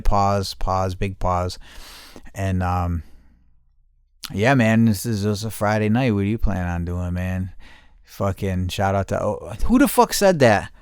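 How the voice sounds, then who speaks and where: A man hosting his channel, giving rambling shout-outs to his viewers and swearing constantly. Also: sits low, clean tone, no echo, studio quality. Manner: rambling and heavily profane. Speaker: channel host.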